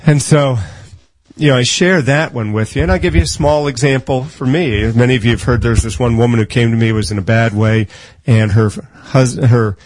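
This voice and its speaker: A man preaching a sermon, telling stories with lively quoted voices and rattling off scripture quickly. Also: mid-range voice, no echo, low-quality recording. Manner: animated storytelling, acting out quoted voices.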